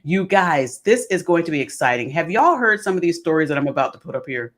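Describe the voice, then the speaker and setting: A woman's voice: deep voice, animated, fairly quick. A woman hosting a live talk show, greeting viewers and chatting casually. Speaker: host. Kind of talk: casual chat.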